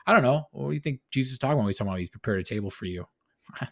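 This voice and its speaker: A man co-hosting a podcast in casual chat, animated and rambling, often poking fun at himself. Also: medium pitch, very fast, gravelly. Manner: animated, rambling, self-deprecating. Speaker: podcast co-host.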